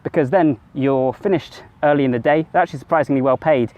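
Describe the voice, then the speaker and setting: A man's voice: mid-range voice, fast talker, muffled recording. A man talking casually to camera in a rambling, conversational way, sometimes correcting himself mid-sentence. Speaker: vlogger. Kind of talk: casual self-help monologue to camera.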